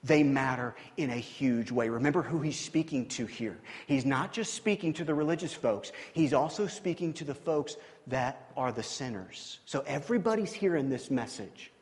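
A man preaching a sermon as pastor, telling stories with animated swings from hushed to loud. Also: mid-range voice, normal speed, hardly any pauses, in a large hall.

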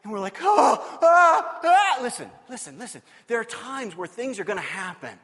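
A middle-aged man preaching a sermon as a pastor, telling stories with animated swings between loud and quiet. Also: high-pitched, a little fast, husky. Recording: long hall reverb.

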